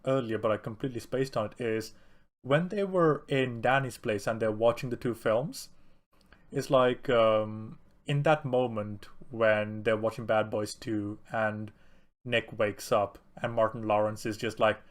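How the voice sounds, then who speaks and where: A man co-hosting a casual film podcast, animated and quick to laugh, often acting out lines from the film. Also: lowish voice. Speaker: podcast co-host. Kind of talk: casual film discussion chat.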